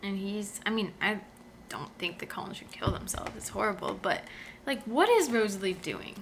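A woman's voice: medium pitch, animated, normal speed, noisy background. A woman co-hosting a casual podcast who jokes and laughs a lot while chatting about a book series. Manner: bright, joking, laughs often. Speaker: podcast co-host. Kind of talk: casual chat.

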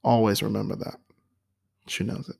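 A man's voice: lowish voice, little pitch movement, normal speed, creaky. A man hosting his own talk show, speaking earnestly and from the heart about his life, often repeating phrases. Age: adult with a nine-year-old son. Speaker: podcast host. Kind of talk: personal motivational monologue.

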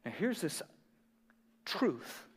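High-voiced pastor preaching in a reverberant hall. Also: male voice, extremely slow, breathy edge. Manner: expressive, swings between soft asides and emphatic peaks. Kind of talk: sermon. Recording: long reverb of a large hall.

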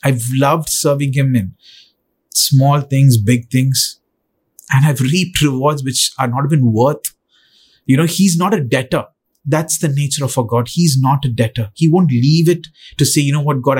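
Male pastor, earnest sermon delivery, husky tone, phrase repetition. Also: mid-range voice, darkish tone. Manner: earnest preaching with repetition and pauses.

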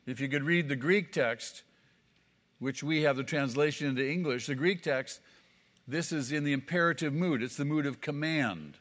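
A man's voice: a little high, normal speed, fairly bright tone. A male pastor preaching an emphatic sermon, repeating key phrases for weight. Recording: long hall reverb.

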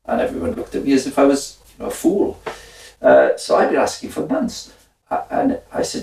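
Gravelly man, lively storyteller. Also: medium pitch, brisk. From Wales. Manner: animated, laughing, acts out his own side of dialogue. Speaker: guest, former footballer and minister. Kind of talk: conversational storytelling. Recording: echoey room, distant mic.

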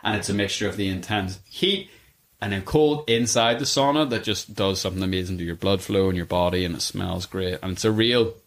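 A man hosting a podcast, chatting casually and telling lively stories with frequent laughter, recorded in a sauna. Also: sits low, fairly quick. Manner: animated storyteller, laughs often. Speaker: podcast host. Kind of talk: casual chat. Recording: echoey sauna room.

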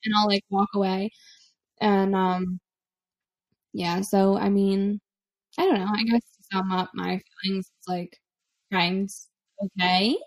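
A woman's voice: medium pitch, slow pace, long pauses. A young woman co-hosting a casual podcast about parenting, chatting and laughing easily. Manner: relaxed, chatty, laughs often. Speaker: podcast co-host, mother. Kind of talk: casual chat.

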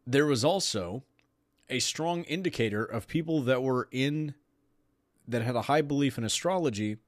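A man's voice: mid-range voice, moderate pace, no echo, clean studio sound. A man hosting a podcast, talking casually and sarcastically, often laughing while he reads aloud. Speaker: podcast host.

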